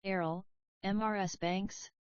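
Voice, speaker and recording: A woman's voice: medium pitch, steady tone, measured pace, no echo, close to an everyday voice. A woman reading the part of a timid male encyclopedia salesman, hesitant and apologetic. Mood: tentative. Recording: slightly dull, dry recording.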